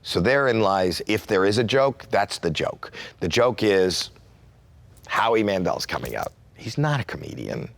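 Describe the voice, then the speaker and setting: Deep-voiced man telling a story. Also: unhurried, vocal fry, no echo. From Canada. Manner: animated, acts out quotes with sudden jumps in pitch. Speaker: comedian guest. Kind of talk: storytelling interview.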